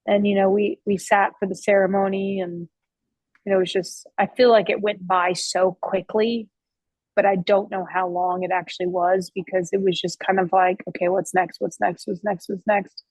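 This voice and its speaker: A woman's voice: mid-range voice, flat delivery, normal speed, darkish tone, no room sound, low-quality recording. Chatty woman chef with a dry close sound. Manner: chatty, with frequent restarts and fillers; swears casually. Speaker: barbecue restaurant owner and chef. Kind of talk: casual interview storytelling. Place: her restaurant.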